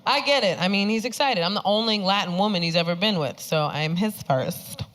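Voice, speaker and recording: A woman's voice: fairly low pitch, fairly quick, background noise. A woman in her thirties doing a stand-up comedy routine, acting out the people she talks about in exaggerated voices. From Puerto Rico. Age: 30s. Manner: animated, acts out quoted people in exaggerated voices. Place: comedy club stage before a live audience. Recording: live club recording with reverb and crowd laughter. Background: audience laughter.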